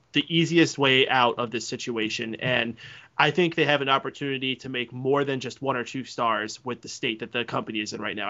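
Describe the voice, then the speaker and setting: A man laying out his wrestling opinions in a steady, reasoned way. His voice is mid-pitched and plain. The sound is muffled and lo-fi. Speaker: podcast co-host. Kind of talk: casual wrestling analysis chat. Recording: dull lo-fi call audio.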